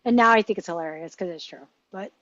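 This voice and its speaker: A woman's voice: on the low side, fast talker, fairly bright tone. A woman hosting a casual table-read chat, talking enthusiastically and rambling about films. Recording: dull lo-fi sound.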